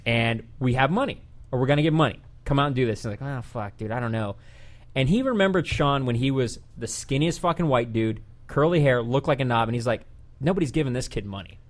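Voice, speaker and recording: A man's voice: medium pitch, a little fast. Profane storytelling podcast host, man. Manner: animated, profane retelling with voiced quotes.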